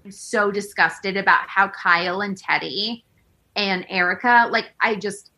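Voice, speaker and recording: A woman in casual chat, ranting fast and animated, full of fillers and swearing. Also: medium pitch, poor audio.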